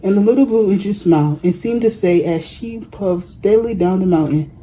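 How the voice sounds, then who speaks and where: A storyteller reading a children's picture book aloud, steady with small slips. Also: mid-range voice, fairly quick, a little hiss or hum, low-quality recording.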